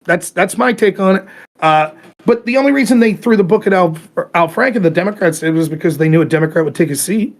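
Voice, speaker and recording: Fired-up, profane man ranting on his talk show. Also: high-pitched. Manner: profane, fired-up, talks in rapid bursts and mimics opponents. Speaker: show host. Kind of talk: heated political talk-show rant.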